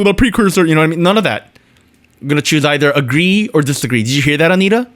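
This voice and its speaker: A man's voice: on the high side, rapid-fire. A man co-hosting a casual pop music podcast, hesitant and full of restarts. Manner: hesitant, many fillers and restarts, animated. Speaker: podcast co-host.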